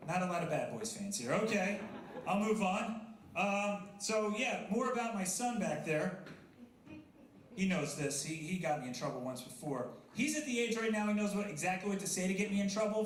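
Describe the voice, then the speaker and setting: A man's voice: high voice, expressive, a little fast, slight background noise. A man in his thirties performing a stand-up comedy set at a coffee house, self-deprecating and chatting with the crowd. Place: coffee house stage before a live audience. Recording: roomy live venue sound.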